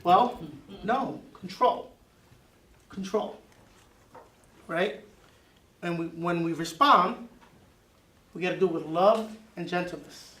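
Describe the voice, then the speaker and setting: A man's voice: high voice, slow pace, long pauses, sharp tone, roomy sound, distant mic, low-quality recording. A man teaching a Bible class, emphatic and repeating key words for stress.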